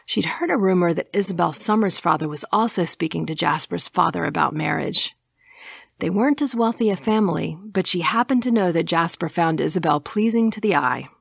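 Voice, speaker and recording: A woman narrating an audiobook in a measured, even reading, dropping to a hush at times. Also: fairly low pitch, creaky, husky, no echo, studio quality.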